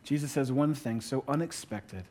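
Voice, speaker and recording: A male pastor preaching a sermon, retelling a scripture story with playful asides and dropping into a quiet, hushed voice for reflective moments. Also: mid-range voice, moderate pace.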